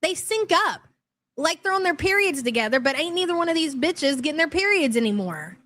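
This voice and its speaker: Woman host, high voice, mocking live-stream commentary, profane and blunt. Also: sing-song, fairly quick, a bit bright.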